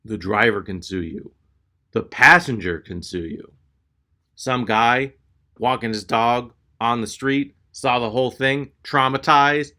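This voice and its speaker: Pushy blunt woman desk clerk, as a comic puts her on, bright edgy tone. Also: mid-range voice, a little slow. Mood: warning. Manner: insistent, mutters.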